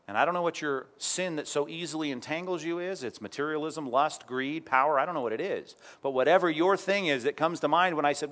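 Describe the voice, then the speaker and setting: A male pastor delivering a sermon in a lively, conversational way, stopping mid-verse for asides and questions to his listeners. His voice sits a little high for a man. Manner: animated, conversational preaching with asides and rhetorical questions.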